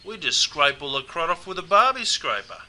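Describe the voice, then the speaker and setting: A man's voice: a little high, very animated, moderate pace, bright, forceful tone, a little hiss or hum. A man with an Australian accent presenting a humorous scripted slang lesson, laid-back and calling the listener "mate" over and over.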